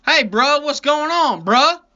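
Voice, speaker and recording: A pushy male cop bellows in a high, forceful voice, as a man puts him on. He sounds brash and bright, on a dull, lo-fi recording. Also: expressive, takes it slowly, full character voice. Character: loud street-talking male cop, pushy.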